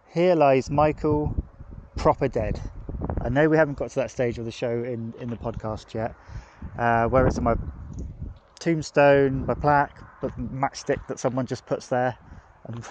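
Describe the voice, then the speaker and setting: A man's voice: mid-range voice, fairly even intonation, moderate pace. A man hosting a podcast, talking casually and reflectively into his phone while walking outdoors, with restarts and asides. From England, grew up in Devon. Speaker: podcast host. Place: outdoors, walking past streets and a cemetery. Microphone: phone held while walking. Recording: phone recording outdoors with clear traffic noise. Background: passing cars and urban street noise.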